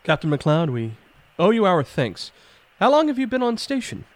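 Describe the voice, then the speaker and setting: An actor playing a formal, grave admiral. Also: male voice, sits high, wildly swooping pitch, normal speed, no room sound. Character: formal, stern admiral, male, middle-aged.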